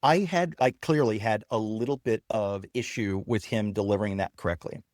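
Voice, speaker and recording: Male software founder, casual demo talk, dead-dry recording. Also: on the low side, moderate pace, no room sound. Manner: explains while demonstrating software on screen. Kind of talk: casual interview.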